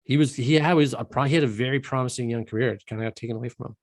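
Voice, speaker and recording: A man's voice: medium pitch, rapid-fire, no room sound, studio quality. A man co-hosting a casual sports podcast, talking bluntly with some swearing and frequent restarts. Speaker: podcast co-host.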